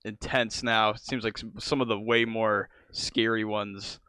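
A man hosting a casual podcast, easygoing and quick to laugh as he asks his questions. His voice sits low, and the recording is dry and close. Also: little pitch movement, pushed and bright, clear, resonant tone, dry recording. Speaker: podcast host.

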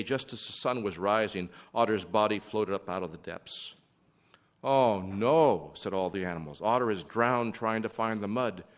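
A man with a fairly low voice narrating an animal tale. He tells it warmly paced, slipping in wry, joking asides to the listener. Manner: wry asides, playful humor. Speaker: storyteller. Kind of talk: storytelling narration.

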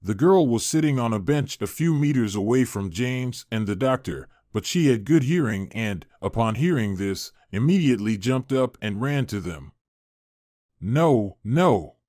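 A man reading a story aloud in a steady, even scripted narration. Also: medium pitch, moderate pace, few pauses, dry recording, studio quality.

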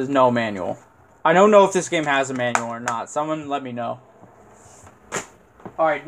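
A man's voice: fairly high pitch, noisy background. A man hosting a casual game haul vlog, rambling and unsure, with lots of fillers and little chuckles. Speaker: video host.

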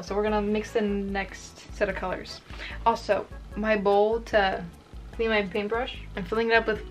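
A woman's voice: mid-range voice, distant mic, low-quality recording. Chatty young woman rambling while painting. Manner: rambling, self-mocking, chatty. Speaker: YouTuber. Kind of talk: casual chat while painting.

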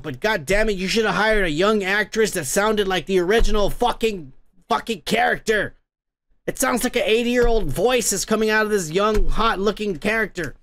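A man with a high voice hosts a comedy podcast. He recaps an episode in loose, rambling talk full of cursing and stumbles. The sound is dry and close, with no room echo. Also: fairly bright tone. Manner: rambling, swears constantly, restarts often. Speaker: podcast host. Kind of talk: casual profane recap.

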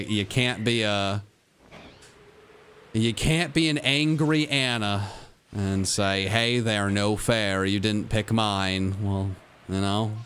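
Young guy streaming a game, slow and kinda low, groans and then yelps, talking to chat. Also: a little hiss or hum. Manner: animated talking to himself, mock-dramatic groans and sudden high yelps; addresses his chat directly. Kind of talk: live gameplay commentary.

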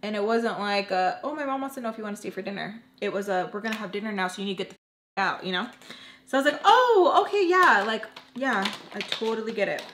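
A woman's voice: medium pitch, fast, fairly bright tone, slight background noise. Chatty young woman, roomy echo. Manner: casual, chatty, addresses viewers as y'all. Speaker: vlogger. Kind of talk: storytime while doing makeup.

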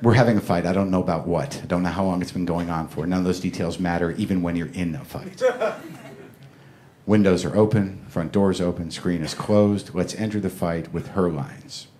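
A man's voice: low voice, normal speed, dark tone, slight background noise. A middle-aged man doing a stand-up comedy set on a club stage, telling a rambling, neurotic story and acting out the quotes.

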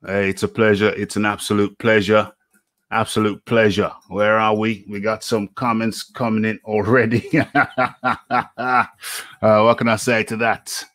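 A man's voice: fairly low pitch, flat delivery, moderate pace, fairly bright tone, dry recording. A man hosting a live online boxing interview show, chatty, repeating his phrases as he talks through his setup.

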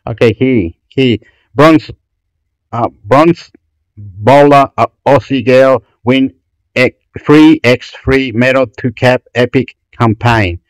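A man's voice: medium pitch, slow pace, no room sound, rough recording. A man from Chile, a channel host who rambles through websites in a profane, rambling commentary full of restarts and swearing. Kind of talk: ranting commentary while browsing websites.

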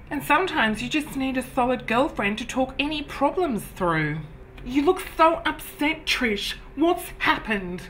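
A vain, self-adoring woman, played by a man, gushing at her own reflection in a comedy sketch. Her voice swoops up and down with lively animation and a bright, forceful edge. She flatters herself nonstop in chatty, over-the-top bursts. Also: high-pitched, exaggerated voice. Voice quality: wig-wearing drag persona, chatty and gushing. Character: vain self-obsessed woman named Trish. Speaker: comedy character host.

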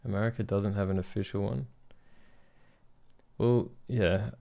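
Young guy streaming from his workbench, ranting and joking with chat, low gravelly voice but clear. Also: steady tone, measured pace, lo-fi sound. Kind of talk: casual live-stream chat while building.

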